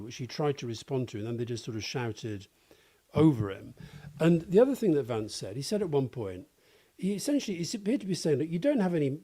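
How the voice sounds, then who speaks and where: British podcast cohost, mellow voice that swings up and down, fired up. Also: male voice, mid-range voice, husky. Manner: indignant, emphatic. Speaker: podcast co-host. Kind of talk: political analysis podcast.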